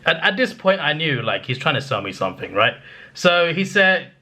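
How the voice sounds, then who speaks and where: A man's voice: a little high, very animated, moderate pace, bright, forceful tone. Chatty young man telling a story. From England. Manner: chatty, laughs often, stammering restarts. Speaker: vlogger. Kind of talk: casual storytelling.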